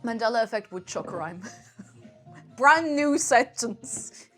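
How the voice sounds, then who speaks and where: A young Irish woman talks in a lively, sing-song way on a casual live stream, her pitch sitting a little high. She rambles from thought to thought and laughs often. Faint music plays behind her. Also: slow pace.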